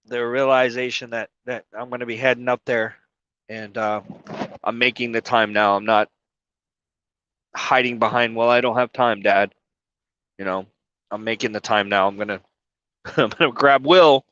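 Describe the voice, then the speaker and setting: Tearful trucker man, bright dry voice. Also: mid-range voice, fairly even intonation, moderate pace, pauses often, dry recording, lo-fi sound. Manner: emotional, tearful, swearing, apologetic. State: crying, sniffling. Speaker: trucker livestreamer. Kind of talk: casual live-stream talk. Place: inside a truck cab.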